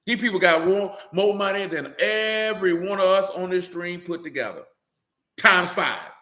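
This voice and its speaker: A man's voice: high voice, expressive, normal speed, pushed and bright, echoey room. A man preaching in a blunt, profane street-slang manner, often asking "you know what I'm saying.". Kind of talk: streamed sermon-style rant.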